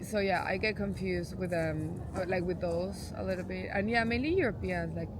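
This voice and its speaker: A young woman from Mexico, a guest in a casual interview, talking in a lively, passionate way full of "like". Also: lowish voice, normal speed. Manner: animated, passionate, says "like" a lot. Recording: noisy, without a mic.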